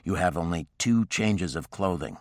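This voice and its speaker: A male audiobook narrator voicing a gruff, guarded frontiersman who gives curt, clipped commands. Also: deep voice, expressive, normal speed, no echo, clean studio sound.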